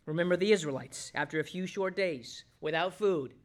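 A man preaching a sermon, swinging between loud emphasis and hushed asides as he acts out quoted voices. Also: high-pitched, moderate pace. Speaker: pastor.

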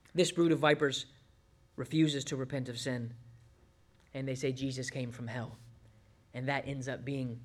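A man preaching a sermon as pastor, earnest, swinging between urgent pleading and hushed, quiet passages. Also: fairly high pitch.

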